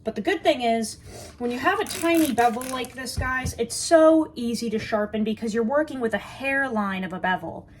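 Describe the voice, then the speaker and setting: A woman's voice: fairly high pitch, moderate pace, slight background noise. A woman reviewing a knife in a casual, chatty way, joking and talking straight to her viewers while she sharpens at her workbench.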